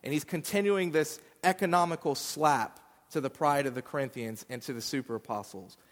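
A man's voice: a little high, brisk, in a large hall. A man giving a sermon, explaining scripture in a conversational way with fillers. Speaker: pastor. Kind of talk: sermon teaching.

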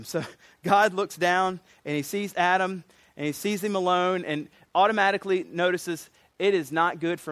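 A man's voice: fairly high pitch, fairly bright tone, no room sound. Earnest man preaching, dry close sound. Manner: earnest, emphatic, with many restarts and asides. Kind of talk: sermon.

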